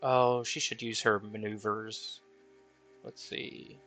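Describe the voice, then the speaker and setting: A man's voice: lowish voice, level tone, takes it slowly, a bit bright, faint music behind. A man running a tabletop game as dungeon master, thinking aloud over the rules with fillers.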